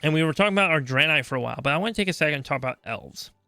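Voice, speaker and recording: A male podcast host talks through game lore in a loose, chatty style, often checking in with his listener. His voice is gravelly with fry and sits a little high for a man. The sound is dry and close to the mic. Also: animated, racing, pushed and bright, no room sound, soft background music. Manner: chatty, checks in with frequent "right?". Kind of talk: casual lore explainer.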